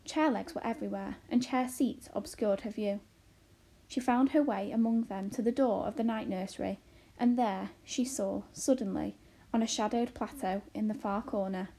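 A woman teacher reading a children's novel aloud slowly and carefully, with occasional self-corrections. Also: mid-range voice, warm tone.

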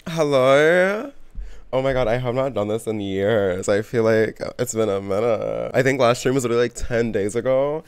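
A man's voice: medium pitch, normal speed, smooth, soft background music. A man streaming, chatting casually as he greets his viewers.

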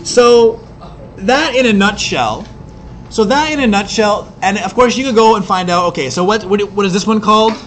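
A high-pitched man teaches a class, explaining quickly and often repeating his words. He sometimes counts beats aloud. A faint rumbling noise sits under the recording. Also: a bit bright. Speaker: English teacher. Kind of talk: classroom lecture.

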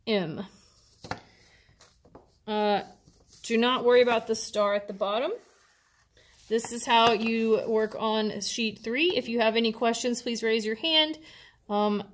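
Woman teacher, slightly high voice, patient step-by-step instruction for students. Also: a bit bright. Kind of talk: classroom instruction video.

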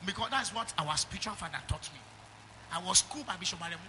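Man, Nigerian accent, middle-aged, pastor's sermon, emphatic call-and-response, high-pitched. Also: lively intonation, quick pace, background noise.

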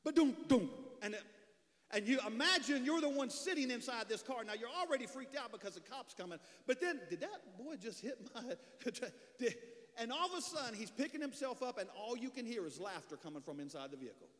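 High-voiced pastor preaching in a reverberant hall. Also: male voice, fairly quick. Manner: lively storyteller, swings from loud bursts to low, hushed lines. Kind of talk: storytelling sermon. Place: church sanctuary. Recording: long church hall reverb.

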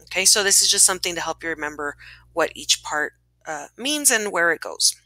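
Bright-voiced woman teaching a reading lesson. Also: lowish voice, animated, a little fast, no room sound, rough recording. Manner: clear, encouraging, instructive. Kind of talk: recorded classroom lesson voice-over.

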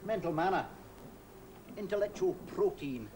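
A wry Scottish factory hand. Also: male voice, high voice, lively intonation, measured pace, darkish tone. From Scotland. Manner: teasing, ironic, fond of fancy words. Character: wry, well-read Scottish factory worker, older man. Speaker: factory worker and union man. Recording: hissy old television broadcast.

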